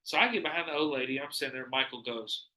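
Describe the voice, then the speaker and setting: Bright-voiced man telling a rambling story. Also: mid-range voice, fast, poor audio. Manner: rambling, profane, laughs often, acts out quotes. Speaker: podcast host. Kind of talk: casual storytelling chat.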